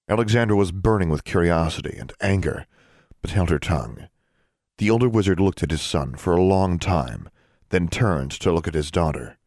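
A man reading a fantasy audiobook with expressive, varied narration. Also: a bass voice, moderate pace, no room sound. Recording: dry close studio sound.

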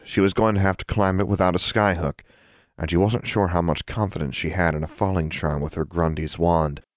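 A man narrating an audiobook in a steady, even storytelling voice. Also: deep voice, a little fast, no room sound, clean studio sound.

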